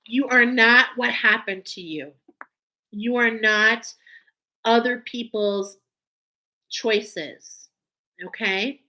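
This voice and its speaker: A woman's voice: on the high side, extremely slow, long pauses, pushed and bright, low-quality recording. Emotional woman reading oracle cards. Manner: emotional, earnest, tearful at times. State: teary. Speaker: oracle card reader. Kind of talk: spiritual card reading.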